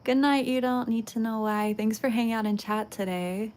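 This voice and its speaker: A woman's voice: a little high, fairly even intonation, moderate pace, darkish tone. A young woman livestreaming while making pottery, chatting casually and giggling with her viewers. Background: faint game music.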